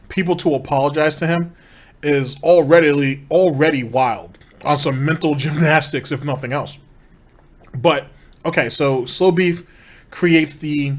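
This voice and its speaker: A man hosting a commentary show, reacting critically and sarcastically to a streamer's clips with rhetorical questions. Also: fairly high pitch. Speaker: commentary channel host.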